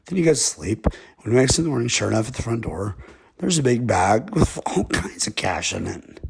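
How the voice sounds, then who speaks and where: A man tells a rambling comic tale in a slow drawl, breaking into chuckling asides. His voice is gravelly and rough, with a husky rasp over every line. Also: mid-range voice, very animated, darkish tone. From Texas. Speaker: comedic storyteller.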